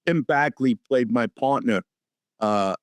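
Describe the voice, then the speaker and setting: An older man, an actor guest on an interview show, telling lively anecdotes and acting out the dialogue in them. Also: medium pitch, slow pace, no room sound, studio quality. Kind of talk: storytelling interview.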